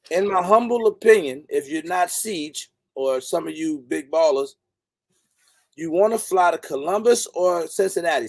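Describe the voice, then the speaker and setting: A man's voice: on the high side, gravelly, no room sound. A man hosting a casual livestream, laid-back, greeting viewers by name. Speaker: livestream host. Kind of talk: casual live chat.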